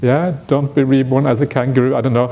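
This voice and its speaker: A man giving a Buddhist dharma talk at a retreat, telling a story with many "uh" fillers and lively acted-out quotes. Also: medium pitch, fast talker, creaky, a little hiss or hum. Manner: frequent "uh" fillers, animated when acting out quotes. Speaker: Buddhist monk teaching a retreat. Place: retreat centre hall.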